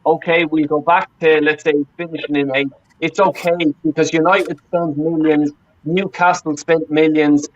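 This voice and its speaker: Male panelist, higher voice, heated and profane, dull lo-fi audio. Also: little pitch movement, normal speed. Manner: profane, ranting, repeats himself. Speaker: fan panelist. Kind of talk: heated football fan panel chat.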